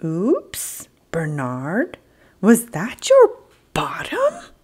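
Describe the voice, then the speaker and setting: A woman voicing a sheepish little storybook bird who speaks in an apologetic, breathy way. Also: medium pitch, huge pitch swings, very slow, darkish tone, heavily acted.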